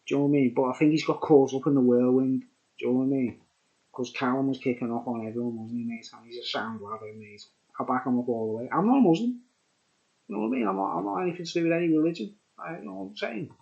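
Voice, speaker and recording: This beer vlogger talks at a quick pace in a mid-range voice that's gravelly, warm and steady, on a muffled recording. Tipsy from drinking, he rambles through a casual on-camera monologue, repeating himself and tacking on "mate" and "right?".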